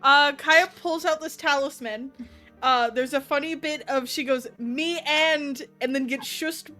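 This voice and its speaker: A woman's voice: high voice, unhurried, bright, forceful tone, soft background music. A woman playing her character in a casual tabletop game, laughing often and dropping into her character's lines. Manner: giggly, slips into character quotes. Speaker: player.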